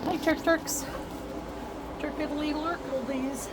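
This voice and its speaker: High-voiced woman chatting to her poultry. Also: steady tone, slow, very noisy. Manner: chatty, talks sweetly to her birds. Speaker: backyard bird keeper. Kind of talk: casual narration while gathering eggs. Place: outdoors in a poultry yard. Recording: loud farm birds behind.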